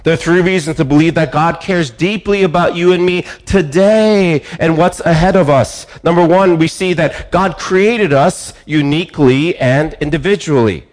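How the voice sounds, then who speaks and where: A man preaching a sermon, building phrases up and dropping them low, pausing, repeating words and restarting himself. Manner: emphatic preaching, rising and falling with pauses. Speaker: pastor.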